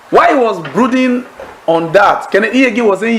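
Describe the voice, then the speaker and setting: A man preaching to a Bible study class, telling stories in an animated way, acting out laughter and asking the audience leading questions. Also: high voice, quick pace, a little hiss or hum, poor audio. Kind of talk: sermon-style teaching to a congregation.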